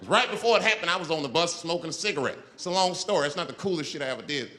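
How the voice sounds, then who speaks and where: A male stand-up comedian telling a profane, animated story to a live audience. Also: fairly high pitch, racing. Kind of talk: stand-up routine. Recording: live show, crowd and noise.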